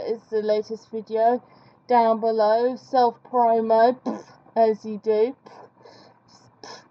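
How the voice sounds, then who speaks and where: Woman vlogger, chatty self-deprecating commentary while drawing, slightly high voice, lo-fi sound. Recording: dull lo-fi recording.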